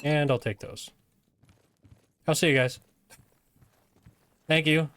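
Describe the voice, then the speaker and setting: While streaming a fantasy video game, a man chats casually and laughs readily, offering relaxed gameplay commentary. His voice is fairly high, slow, and a bit bright.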